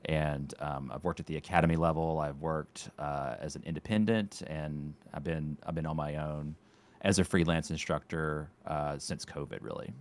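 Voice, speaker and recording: Very deep-voiced dry, sarcastic man. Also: steady tone, normal speed. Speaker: podcast guest, tennis instructor and streamer. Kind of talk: casual interview chat.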